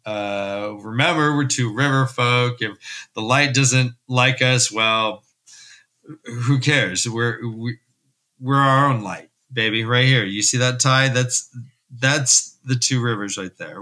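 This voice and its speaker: Bright-voiced man recapping casually. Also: mid-range voice. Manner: animated, rambling, jokey. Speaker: podcast host.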